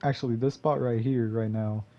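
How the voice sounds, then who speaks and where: A man's voice: mid-range voice, steady tone, moderate pace, warm tone, highs cut off. A young man from Texas commentating on his own gameplay in a rambling, loose way, full of fillers and curses. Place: home gaming room.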